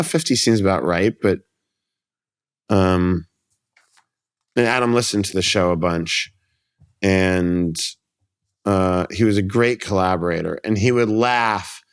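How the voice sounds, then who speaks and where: A man with a somewhat low voice chats as a podcast guest. He tells stories in a loose, rambling way, often restarting his sentences and briefly acting out what other people said. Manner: rambling storyteller, restarts, acts out quotes. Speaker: comedian guest. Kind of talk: casual podcast chat.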